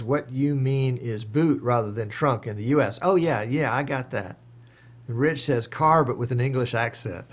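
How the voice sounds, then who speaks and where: A man's voice: mid-range voice, vocal fry, husky. A man hosting a live stream, reading viewer comments aloud and answering them off the cuff in casual chat.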